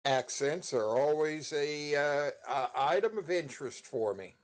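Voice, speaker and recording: Hesitant American man, slightly high. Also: measured pace. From United States. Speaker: voice chat participant. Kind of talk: casual voice chat.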